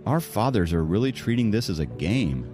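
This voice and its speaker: A man's voice: lowish voice, very animated, moderate pace, mellow, faint music behind, voice pushed up. A man voicing a weary young male student who sighs over his worries. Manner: sighing, wry.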